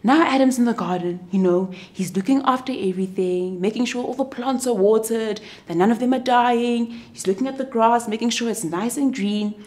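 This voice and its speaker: A young woman teaching children's church, narrating a Bible story to kids in an animated, expressive way. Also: a little high, normal speed, few pauses.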